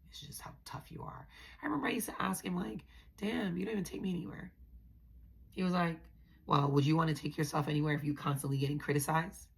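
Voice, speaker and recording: A woman's voice: low-pitched, fairly even intonation, quick pace, gravelly, husky. A woman hosting a podcast, telling her own story in a candid, blunt way and often calling her listeners y'all. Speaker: podcast host. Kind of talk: confessional personal storytelling.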